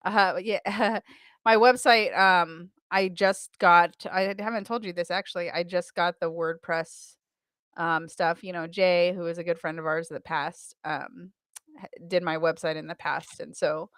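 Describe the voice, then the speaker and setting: A woman's voice: on the low side, steady tone, measured pace, a bit bright, smooth, no room sound, studio quality. An American woman in the car sales business, chatting energetically in an interview, laughing often and restarting her sentences. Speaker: automotive sales trainer, guest. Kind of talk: casual interview chat.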